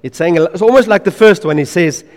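A man preaching a sermon in an earnest, emphatic way. He repeats key phrases and drops to quiet asides. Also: high-pitched, brisk, in a large hall.

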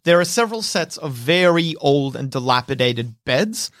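A game master narrating a tabletop horror game in a measured, descriptive way, slowing down for suspense. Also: medium pitch, expressive, a bit bright, no echo, clean studio sound.

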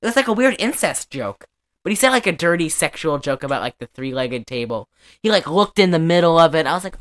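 A young woman co-hosting a podcast recaps a movie in casual, rambling chat, packed with "like" fillers and acted-out lines from the film. Her voice is lowish, lively, and a bit bright, clear and resonant at a moderate pace.

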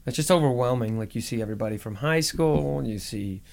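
A man's voice: mid-range voice, a little fast, gravelly, a little mellow. A man from Oklahoma, a musician guest, talking casually in an interview, rambling and joking with lots of fillers.

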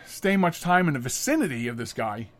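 A middle-aged man hosting a podcast, telling stories casually, chatty and animated, often laughing. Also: mid-range voice, a little fast. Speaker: podcast host. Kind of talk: casual storytelling monologue.

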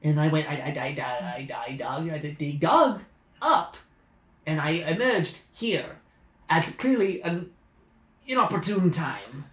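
A man's voice: a little high, sing-song, measured pace, roomy sound. A man playing an awkward, apologetic Australian man who has dug up from underground, speaking with an Australian accent, stammering and flustered. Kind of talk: improvised comedy sketch.

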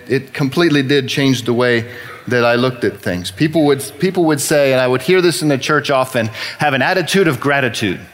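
A man's voice: medium pitch, fairly bright tone. A man from Texas giving a sermon-style personal testimony in church, talking in a conversational, wry and self-deprecating way.

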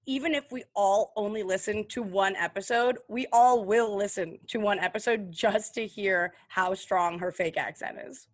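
A woman co-hosting a podcast in casual chat, excitable and rambling, full of fillers and playful imitations. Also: mid-range voice, moderate pace, hardly any pauses, dry recording. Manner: excitable, lots of fillers, mimics voices. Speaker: podcast co-host.

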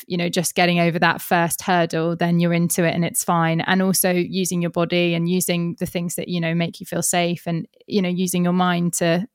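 A young woman hosts the interview. Her voice is low-pitched and resonant. She is captured dry, with no room around her. She muses aloud in a loose, chatty way. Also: clean tone, no room sound. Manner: reflective, chatty with fillers. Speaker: interview host. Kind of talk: conversational interview.

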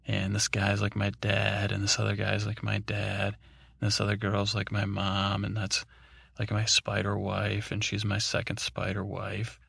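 A man's voice: lowish voice, completely flat delivery, measured pace, gravelly, a bit bright, slightly rough, no echo, full character voice. A man mumbling as a naive TV-addicted spider. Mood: doting. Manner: dreamy, confused, muttering. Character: naive male daddy long legs spider glued to TV.

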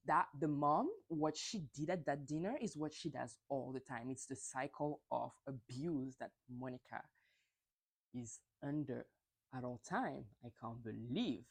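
A woman hosts a casual solo podcast, recapping in a chatty, gossipy way and swearing freely. Her voice sits fairly low but swings widely in pitch. She jumps into high, mocking voices whenever she acts out a quote. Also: lively intonation, a little slow, a little mellow, breathy edge. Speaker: podcast host.

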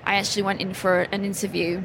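A woman's voice: mid-range voice, level tone, quick pace. A woman, a guest in a casual podcast chat, talking candidly and with self-deprecating humour. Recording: noisy background hiss.

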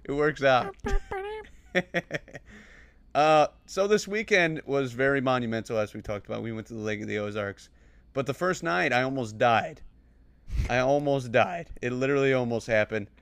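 A man's voice: medium pitch, lively intonation, normal speed, vocal fry, pauses often, fairly bright tone, clean tone, no echo. A young man co-hosting a podcast, joking in a laid-back way and swearing freely. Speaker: podcast co-host. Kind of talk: casual chat.

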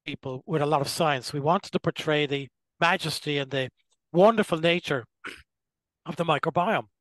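An older man, a gastroenterologist, giving measured, explanatory interview answers and clearing his throat now and then. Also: a little high, a bit bright, no room sound, poor audio. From Ireland. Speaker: gastroenterologist guest.

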